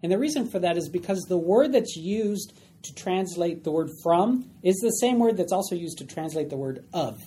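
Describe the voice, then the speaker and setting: A man's voice: high voice, expressive, moderate pace, dark tone. A man leading a Bible study, explaining verses plainly and now and then acting out the characters' lines. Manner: explains plainly, acts out voices.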